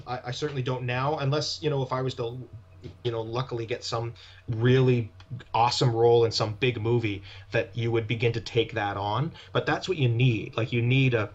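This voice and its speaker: Male actor guest in a casual interview, mid-pitched and meandering, with a dull lo-fi recording. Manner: rambling, trailing off and restarting mid-thought. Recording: dull lo-fi sound.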